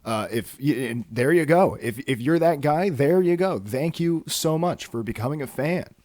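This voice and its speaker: A man's voice: on the high side, expressive, normal speed, a little mellow, no echo, studio quality. A man hosting a solo casual podcast, rambling and cursing with self-mocking jokes, tired from too little sleep. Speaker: podcast host.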